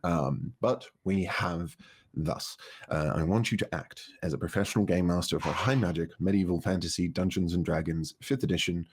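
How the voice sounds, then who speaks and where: Deep, husky man co-hosting a stream. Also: moderate pace. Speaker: livestream co-host. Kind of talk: casual livestream chat.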